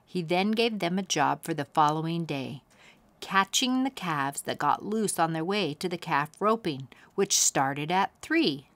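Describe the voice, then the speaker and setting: A woman reading a children's picture book aloud as a storyteller, with expressive, animated delivery. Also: fairly low pitch, measured pace, no echo.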